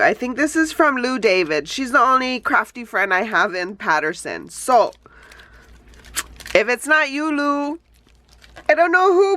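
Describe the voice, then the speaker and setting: Woman, from Hawaii, gushing craft vlogger, slow unhurried talk, higher voice. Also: pushed and bright. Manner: gushing, exclamatory, lots of "oh my gosh". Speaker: craft YouTuber. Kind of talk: casual unboxing chat. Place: home, Phoenix.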